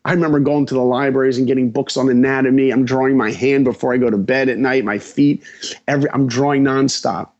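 A man in his forties from New York, a podcast guest telling his story in an animated, emphatic way. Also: medium pitch, fast talker, muffled recording. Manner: acts out dialogue, emphatic.

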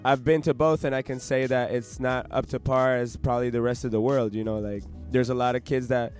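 A man from Puerto Rico talks in a halting, searching way on a casual podcast, often stopping and starting over. His voice is mid-pitched. Faint music runs underneath. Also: fairly even intonation, a little mellow. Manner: hesitant, lots of restarts and fillers. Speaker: podcast guest, teacher.

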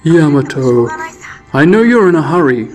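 A man's voice: on the high side, big pitch swings, normal speed, faint music behind, pitched above the performer's own voice. A man doing a small caring furry monster pal. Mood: worried.

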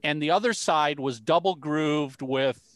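A man's voice: on the high side, measured pace, no room sound. Upbeat man hosting a podcast. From Minnesota. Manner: animated, jokey storyteller. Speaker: podcast host. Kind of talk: casual podcast chat.

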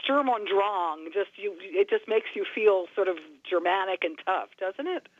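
A woman's voice: medium pitch, moderate pace, no echo. Playful woman on a tinny phone line. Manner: playful, laughs while talking. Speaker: co-author guest. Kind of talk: casual chat.

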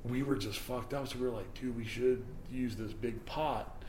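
A man's voice: mid-range voice, steady tone, normal speed, darkish tone. A man guesting on a podcast, telling profane, laughing party anecdotes in a casual way. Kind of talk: casual storytelling. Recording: echoey room, faint ambient noise.

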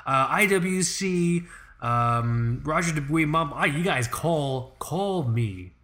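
Young man, podcast host, casual rant, swears a lot, animated. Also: on the high side, takes it slowly. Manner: profane, ranting, animated. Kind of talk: casual chat.

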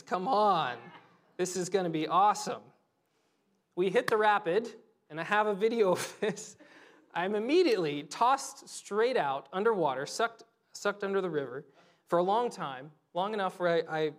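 A preacher in their thirties giving a conversational sermon, telling stories, laughing easily and pausing for quiet reflective asides. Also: medium pitch. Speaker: pastor.

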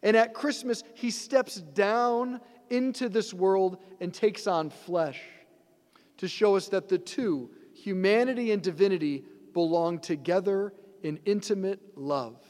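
A man preaching a sermon as a priest, in a conversational way that keeps throwing rhetorical questions at the listeners. His voice sits high for a man. The sound carries a long reverb, as in a church. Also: a little slow, a little mellow.

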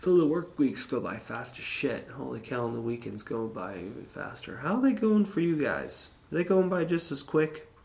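A man's voice: mid-range voice, big pitch swings, moderate pace, gravelly, a little mellow. A man hosting his own show, talking in a casual, rambling monologue full of crude jokes and asides to his listeners. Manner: rambling, jokey, crude humor, chats to listeners. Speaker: podcast host.

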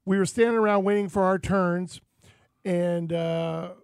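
A man from Texas hosts a radio show, his voice sitting high for a man. He tells stories in a casual, animated way and laughs easily. The studio sound is close and dry. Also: measured pace, gravelly, smooth, no room sound. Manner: storytelling, animated, laughs often.

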